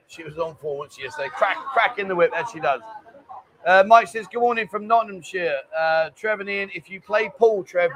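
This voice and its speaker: Quick-talking London man, hungover. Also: high voice, a bit bright, slight background noise. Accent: London English. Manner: jokey banter, quick and chatty. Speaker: co-host of a livestream. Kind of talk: casual chat, reading viewer comments.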